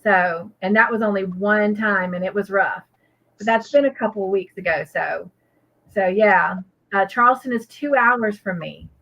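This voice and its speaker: A woman's voice: medium pitch, moderate pace, bright, forceful tone, lo-fi sound. A woman, co-hosting a casual crochet livestream, rambling earnestly with many fillers and restarts. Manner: earnest and grateful.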